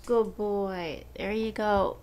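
A woman's voice: medium pitch, fairly even intonation, takes it slowly, a little mellow. A woman casually narrating a pet vlog in her home kitchen, coaxing her pets in a sing-song voice. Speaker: pet vlogger.

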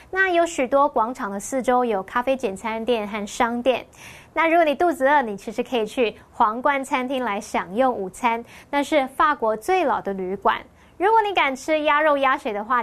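Higher-voiced woman teaching English. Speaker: teacher explaining English in Mandarin. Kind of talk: lesson explanation.

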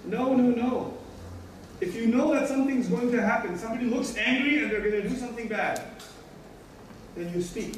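Man, high voice, emphatic religious lecture, very echoey hall, mic set far back. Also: fairly quick, darkish tone, slight background noise. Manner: emphatic, repeats key phrases, acts out little dialogues. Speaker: Islamic speaker.

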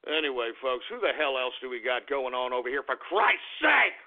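A man's voice: mid-range voice, sing-song, normal speed. A man hosting a live radio show, talking casually and profanely and breaking into combative outbursts. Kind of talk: live call-in radio rant. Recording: phone-like lo-fi radio stream.

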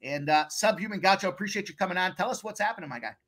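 A man hosting a sports betting live stream, hyping up his guests with slangy shout-outs in casual chat. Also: high-pitched, animated, rapid-fire. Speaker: host of a sports betting show.

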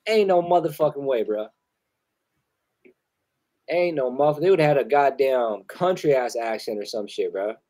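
A man hosting a live music review stream, talking loud and loose with heavy slang and swearing, laughing often. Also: mid-range voice, animated, measured pace, long pauses. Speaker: host reviewing submitted music. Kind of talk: casual live-stream chat.

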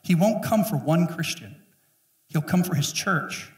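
A man in his fifties preaching a sermon as pastor, emphatic and joking, often acting out quick voices. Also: a little high, lively intonation. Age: 50s. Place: church sanctuary. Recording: echoey room, mic at a distance.

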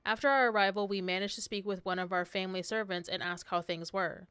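A woman's voice: mid-range voice, steady tone, fairly bright tone, clean tone, dry recording, studio quality, close to an everyday voice. A woman reading as an earnest young noblewoman. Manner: halting read with stumbles. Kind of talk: reading game dialogue aloud.

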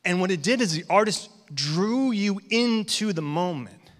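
A man's voice: sits high, animated, unhurried. A man in his thirties preaching a sermon as pastor, telling stories in a conversational, joking way. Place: church hall. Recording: long hall reverb.

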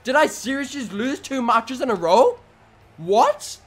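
A man giving excitable let's-play commentary over a wrestling video game, swinging between groans and shouts and repeating his lines. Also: very high-pitched, a little slow. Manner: swears casually and repeats phrases. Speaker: gaming video host.

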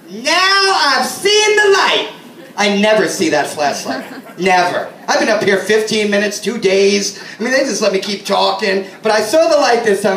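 A man's voice: high-pitched, fairly bright tone. A man doing a stand-up comedy set on a club stage, telling sarcastic stories and acting out the people in them. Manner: sarcastic storytelling, acts out customers. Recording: roomy, from a distance.

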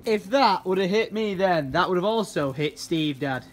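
A young man, chatting casually in a vlog around his house and garden, excitable and swearing freely. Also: high voice, normal speed, few pauses, slight background noise. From England. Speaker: vlogger.

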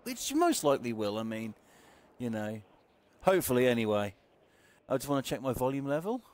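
A man streaming a racing game live, chatting loosely and excitably to viewers and swearing often as he plays. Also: mid-range voice, a little fast. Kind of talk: casual live-stream commentary while playing. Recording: racing game noise loud behind the voice. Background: game engine and car sounds.

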